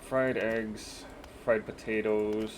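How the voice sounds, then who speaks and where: A man's voice: lowish voice, level tone, slow, a little hiss or hum. Laid-back man streaming a game. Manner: laid-back, swears casually, laughs easily. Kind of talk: casual gameplay chat.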